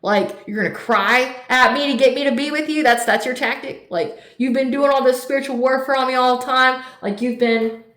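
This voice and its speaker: A woman's voice: high voice, steady tone, normal speed, a bit bright. A woman giving a casual tarot reading, talking bluntly and emphatically with lots of swearing and "like". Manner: blunt, profane, emphatic, fillers of "like". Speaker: tarot reader. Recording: roomy echo.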